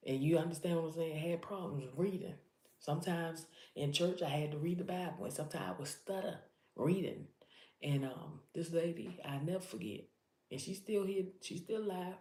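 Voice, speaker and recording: Her deep, dark voice fills a roomy space as this woman, a motivational preacher, urges her listeners on in a preaching vlog. She addresses them directly with urgency and passion, circling back to the same points again and again.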